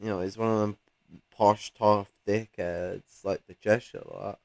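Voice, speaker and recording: A man's voice: lowish voice, fairly even intonation, unhurried, creaky, dry recording. A man in casual chat, full of fillers and casual swearing.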